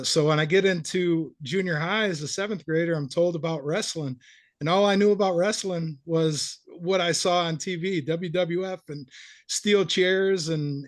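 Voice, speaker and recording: A middle-aged man telling a story about his school wrestling days in a grateful, animated way as a guest. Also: a little high, dry recording, studio quality. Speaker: former student athlete, guest. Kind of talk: casual storytelling.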